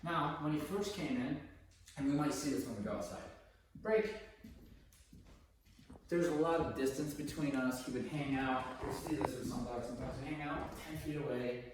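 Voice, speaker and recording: A man working as a dog trainer, explaining his methods casually during a session and breaking into high, excited praise for the dog. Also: fairly quick, distant mic, a little hiss or hum. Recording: echoey room, voice from off the mic.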